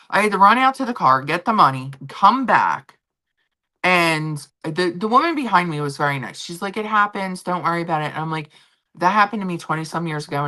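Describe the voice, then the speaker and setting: Low, bright-voiced chatty woman. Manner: chatty storytelling, swearing casually. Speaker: livestream host. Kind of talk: casual chat with viewers.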